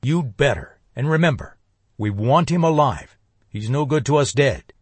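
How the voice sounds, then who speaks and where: A man's voice: medium pitch, expressive, moderate pace, breathy edge, dry recording. A man doing a stern old crime boss. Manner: stern, commanding. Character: gruff old male crime boss grandfather.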